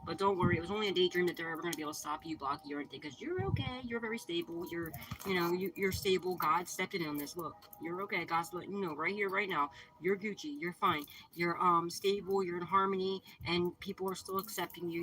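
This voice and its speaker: Low-voiced profane spiritual woman. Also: a bit bright, a little hiss or hum, rough recording. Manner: profane, emphatic, repeats reassurances. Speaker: spiritual reader and channel host. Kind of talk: casual spiritual pep talk to viewers.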